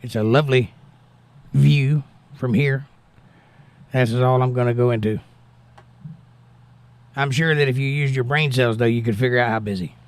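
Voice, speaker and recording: This man's clear, resonant, medium-pitched voice moves at a normal pace with frequent pauses. Hosting a casual stream, he reads chat out loud and replies with prayerful thanks to God.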